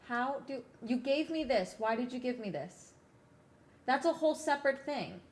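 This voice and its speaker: A woman's voice: high voice, expressive, moderate pace. A woman streamer in casual chat, ranting with exasperation and swearing, while she is sick.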